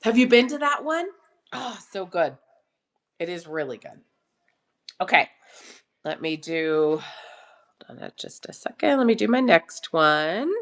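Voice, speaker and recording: A woman's voice: on the low side, very animated, measured pace, pauses often, a bit bright. A woman hosting a live online auction from her home kitchen, chatting casually and greeting viewers by name while getting over a cough. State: recovering from a cough. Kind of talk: casual live-selling chat.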